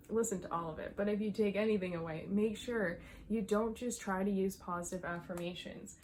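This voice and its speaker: A young adult woman talking to camera as a mindset coach, slightly out of breath, emphatic and quick to laugh. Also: mid-range voice, a little mellow, a little hiss or hum. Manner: emphatic, repeats herself, laughs often. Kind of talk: casual talk to camera.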